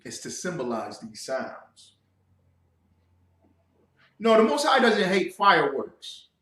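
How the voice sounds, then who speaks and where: Male street-style preacher, high bright voice, roomy echo, shouts for emphasis. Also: wildly swooping pitch, slow. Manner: emphatic, builds to shouting, speaks to the audience. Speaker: religious teacher. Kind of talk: livestreamed sermon.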